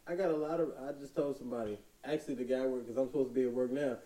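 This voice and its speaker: A man's voice: medium pitch, fairly even intonation, very fast, dark tone. Laughing, profane podcast co-host, man. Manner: laughing, profane, agreeable back-and-forth. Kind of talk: casual podcast banter.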